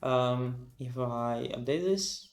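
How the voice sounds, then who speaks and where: A sleepy man on a casual live stream talks through his work aloud, stopping on fillers and restarts. His voice sits at an everyday middle pitch and sounds roomy and echoey, with faint music under it. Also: takes it slowly. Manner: thinks aloud, reads docs aloud, frequent fillers. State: sleepy, yawning.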